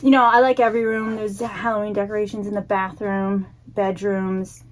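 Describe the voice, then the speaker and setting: A woman's voice: mid-range voice, level tone, moderate pace, slight background noise. A woman in her thirties co-hosting a casual podcast, teasing her partner, laughing often and listing things as she recalls them. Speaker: podcast co-host. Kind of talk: casual chat.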